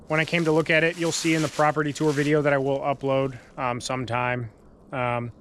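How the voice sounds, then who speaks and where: A man talks to his camera in a loose, rambling way, full of ums and restarts, with a voice of ordinary pitch. He records outdoors on a camera mic. A faint outdoor hiss sits under his voice. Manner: rambling, frequent fillers, grows hushed and frightened. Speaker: vlogger camping in his truck. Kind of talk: casual vlog talk to camera. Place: outdoors in wooded lot, later inside truck.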